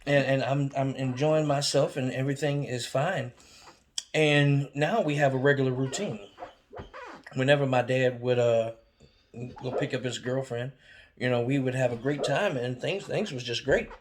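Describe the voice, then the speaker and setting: A man telling a story in a casual monologue, stammering often and acting out quotes with sudden high outbursts. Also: normal speed, noisy background. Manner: frequent stammered repeats. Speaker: vlogger.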